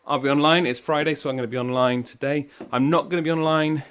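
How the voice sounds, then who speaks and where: A man's voice: on the high side, fairly even intonation, fast, fairly bright tone, a little hiss or hum. Man, primary teacher; encouraging, chatty delivery, slightly breathless from walking around a school, recorded on a phone. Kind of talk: recorded remote lesson instructions. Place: indoors in a school, walking between rooms.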